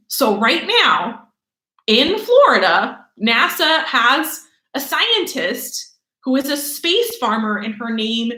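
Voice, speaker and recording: Lively, bright-voiced woman teacher. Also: fairly high pitch, roomy sound, poor audio. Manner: animated, chatty, playful. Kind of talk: remote lesson for kids. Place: room at home.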